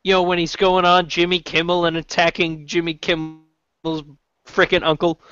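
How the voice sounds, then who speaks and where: A man's voice: on the high side, completely flat delivery, moderate pace, a bit bright, smooth, dry recording. A man from Canada hosting a casual chat, rambling with restarts and casual swearing. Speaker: podcast host. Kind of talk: casual chat about wrestling. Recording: dull lo-fi dry recording.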